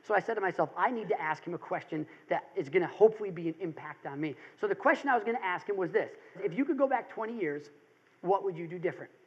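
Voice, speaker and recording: Thirties male seminar speaker, lively storyteller, muffled recording. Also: sits high, quick pace, breathy edge. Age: 30s. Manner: energetic storytelling with emphatic rises. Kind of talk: motivational seminar talk. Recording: dull lo-fi recording.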